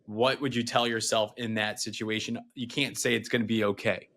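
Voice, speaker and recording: Low-voiced man hosting an interview. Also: little pitch movement, fairly quick, fairly bright tone. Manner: reactive, encouraging questions. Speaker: podcast host. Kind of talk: casual interview.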